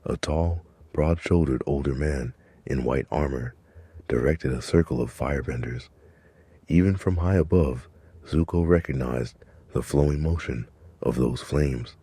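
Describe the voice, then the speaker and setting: Brief: male storyteller, very low and dark, measured dramatic narration. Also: breathy edge, dry recording. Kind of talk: scripted narration.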